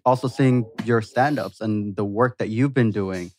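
A man's voice: lowish voice, unhurried, a little mellow, slight background noise. A man hosting a podcast, speaking in casual slang and earnestly thanking his guest. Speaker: podcast host. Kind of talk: casual chat.

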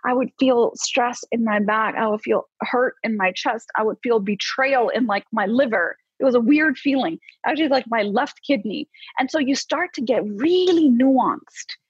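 Woman psychologist guest, higher husky voice, dry and slightly dull podcast audio. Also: moderate pace, no echo. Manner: lively and coaching, with casual "like" fillers. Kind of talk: conversational podcast advice.

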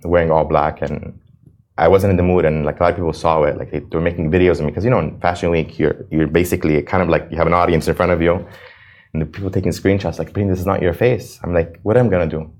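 A young man from the United States speaks in a very low voice. He answers interview questions earnestly and with emotion, often stumbling over and repeating words. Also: little pitch movement, fast talker, darkish tone. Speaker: reality show cast member, guest.

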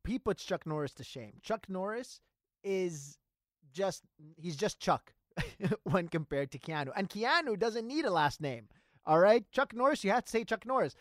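A man's voice: high-pitched, animated, moderate pace, no echo, studio quality. A man co-hosting a podcast, debating in a playful, teasing way and laughing often. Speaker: podcast co-host. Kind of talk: casual comedic debate.

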